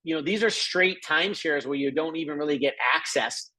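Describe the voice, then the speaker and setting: A middle-aged man with a slightly high voice runs an excited live sales presentation. He chats to viewers as he scrolls through his screen and keeps dropping in little check-ins and fillers. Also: fairly quick. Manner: excited, chatty, many fillers and asides to viewers. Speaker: presenter of a travel membership.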